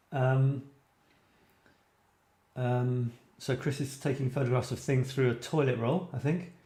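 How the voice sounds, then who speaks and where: A man's voice: medium pitch, fairly even intonation, slow pace, pauses often, mellow. A man hosting a casual photography live stream, reading out viewer comments and musing aloud with fillers and restarts. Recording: roomy echo.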